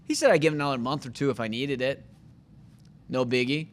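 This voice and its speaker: A man's voice: mid-range voice, a little fast. A man hosting a real estate show, talking casually and rambling, acting out quotes of buyers and agents. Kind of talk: casual talk to camera.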